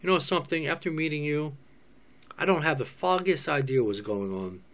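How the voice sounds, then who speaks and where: A man's voice: a little high, moderate pace, fairly bright tone, close to an everyday voice. A man cold-reading a script, playing a sheltered, awkward philosopher in a flustered, self-doubting way. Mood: confessional.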